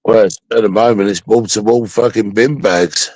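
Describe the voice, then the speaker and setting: A man's voice: lowish voice, steady tone, moderate pace, a little mellow, dry recording. A man, blunt and argumentative, swearing in casual group chat.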